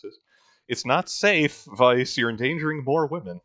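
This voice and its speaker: A man's voice: medium pitch, animated, normal speed, fairly bright tone, dry recording. A man giving casual, joking commentary over a video game playthrough, laughing often. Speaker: let's play host.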